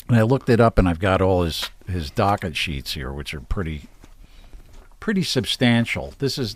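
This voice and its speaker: A man co-hosting a casual podcast, a lively storyteller who laughs often. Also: lowish voice. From Pennsylvania, United States. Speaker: podcast co-host. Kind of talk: casual chat.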